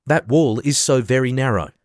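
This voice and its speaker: A polite, earnest little girl of seven, as a man reads her in an audiobook. She speaks gently and with care, at a middle pitch. The recording is dry and close. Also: normal speed, dry recording, natural voice. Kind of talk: audiobook character reading.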